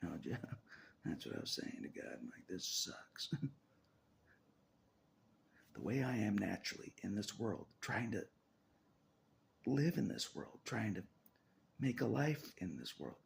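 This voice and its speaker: A man's voice: lowish voice, big pitch swings, measured pace, vocal fry, long pauses, slight background noise. A man talking on his own about faith, half-whispering and laughing often as he rambles in a restless, searching way. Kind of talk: rambling spiritual monologue.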